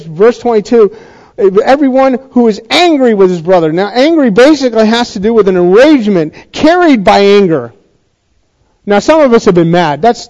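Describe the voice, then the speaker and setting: A man's voice: sits high, a little mellow, muffled recording. A male pastor giving a sermon in a chatty, conversational way, often restarting his sentences.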